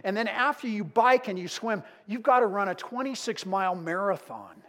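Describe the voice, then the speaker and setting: A middle-aged male pastor preaching a sermon, dramatic and storytelling, moving between emphatic build-ups and hushed moments. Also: high voice, animated, moderate pace.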